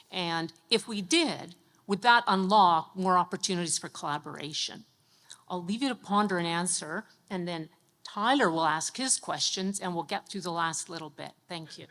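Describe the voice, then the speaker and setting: A woman with a bright, clear voice asks her question from the floor of a conference. She speaks earnestly, thinking aloud with small fillers, and the hall's long reverb trails behind her words. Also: lowish voice, moderate pace. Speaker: audience member asking a question. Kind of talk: public Q&A question.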